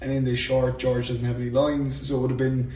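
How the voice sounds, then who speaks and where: A man's voice: medium pitch, level tone, brisk, darkish tone, recorded from a distance. An Irish man with a sore throat, chatting casually on a podcast with dry humour and lots of fillers. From Ireland. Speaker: podcast host, filmmaker. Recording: roomy echo, off-mic, faint ambience.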